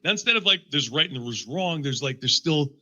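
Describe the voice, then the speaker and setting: A man who works as an executive coach, speaking as a guest from his basement home studio in an enthusiastic, animated way. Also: on the high side, moderate pace, dull audio. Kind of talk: conversational interview.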